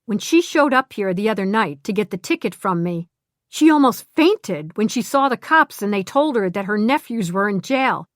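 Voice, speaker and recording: A man's voice: high-pitched, animated, normal speed, fairly bright tone, no room sound, studio quality. A woman voicing a good-humored young man telling an amused story, in an audiobook.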